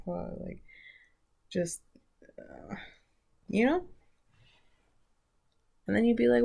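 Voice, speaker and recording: A woman's voice: fairly low pitch, gravelly, a little mellow. A woman vlogger giving a casual spiritual talk, loose and searching as she thinks aloud.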